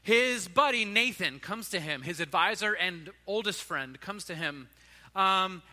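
A man's voice: sits high, expressive, a little slow, pushed and bright, long reverb tail. A man giving a sermon, telling stories in an informal, conversational way. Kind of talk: sermon storytelling.

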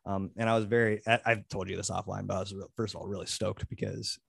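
A man's voice: lowish voice, flat delivery, fast talker, vocal fry, a bit bright, husky, no room sound, studio quality. Earnest, rambling man co-hosting a podcast. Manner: rambling, many restarts, earnest. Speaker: new podcast co-host. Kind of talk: casual podcast chat.

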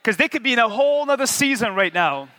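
A man preaching a sermon as pastor in a church auditorium, animated and calling on the congregation to answer back. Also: very high-pitched, fast, a little hiss or hum. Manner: animated, call-and-response with the congregation. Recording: long hall reverb.

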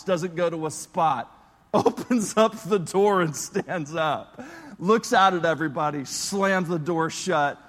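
A man preaching a sermon as pastor, telling stories in an animated, lively way. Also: high voice. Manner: storytelling, animated, excitable bursts. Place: church auditorium. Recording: long reverb of a large hall.

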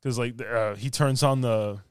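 A man on a podcast retelling a movie scene by scene, rambling and filling every pause with "like" while acting out the lines. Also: medium pitch, fairly even intonation, clean tone, no room sound, clean studio sound. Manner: rambling, fills with "like", acts out quotes. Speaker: podcast co-host. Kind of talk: casual film review chat.

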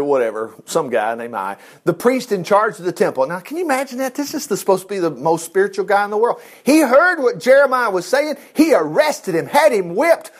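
A man preaching a casual sermon, reading scripture aloud and commenting on it in a folksy, animated way. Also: high-pitched.

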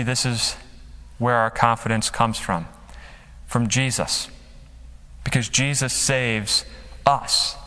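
A man's voice: medium pitch, pushed and bright. A man preaching a sermon as pastor, emphatic, acting out quotes with dramatic rises and drops, speaking from a church stage. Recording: long hall reverb.

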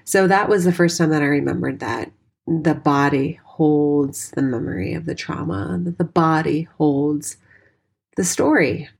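Woman, forties, husky, deep-pitched, candid storytelling. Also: unhurried, darkish tone. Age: 40s. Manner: candid and heartfelt, swears freely. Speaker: dance teacher and studio owner. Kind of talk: personal storytelling monologue.

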